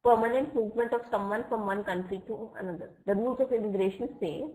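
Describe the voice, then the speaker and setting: Woman, online English teacher, mid-pitched, patient and slow, checks in often, computer mic. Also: fairly even intonation, darkish tone, poor audio. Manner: patient, explains words slowly and checks "okay?" often. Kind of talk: live online class.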